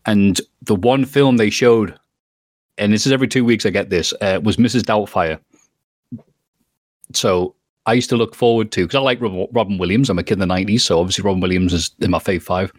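A man's voice: on the low side, brisk, no room sound, clean studio sound. A man in his thirties with an English accent, chatting on a podcast and rambling through a story with lots of laughter. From England. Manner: rambling storyteller, laughing often, acting out quotes. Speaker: podcast co-host. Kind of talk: casual chat.

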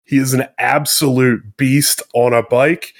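A man's voice: medium pitch, fairly even intonation, measured pace, no echo. A man talking loosely and bluntly as a guest reviewer on a gaming podcast. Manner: loose, blunt, a bit of profanity. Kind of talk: casual podcast chat.

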